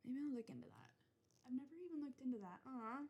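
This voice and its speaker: Young woman, solo podcast host, rambling and swearing, restarts constantly, voice a touch high. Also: animated, normal speed, breathy edge. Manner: rambling, swears often, many restarts and fillers. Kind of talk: casual solo podcast rant.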